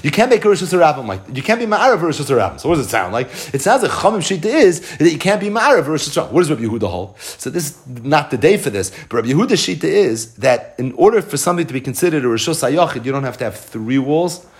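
A man's voice: on the high side, very animated, fast talker, few pauses. A man teaching a Talmud class, explaining step by step and rephrasing points, with Hebrew and Aramaic terms mixed into his English.

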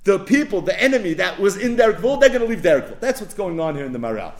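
A man teaching as a rabbi in a Torah lecture, animated, asking rhetorical questions and answering them, reciting verses slowly. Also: high voice. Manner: quotes verses in a slow recitation. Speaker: rabbi teaching a text class.

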